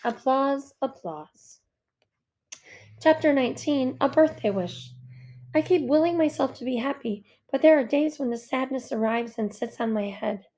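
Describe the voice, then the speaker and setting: Mellow-voiced woman reading a children's novel. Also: sits high, normal speed. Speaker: audiobook narrator. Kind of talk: first-person audiobook reading.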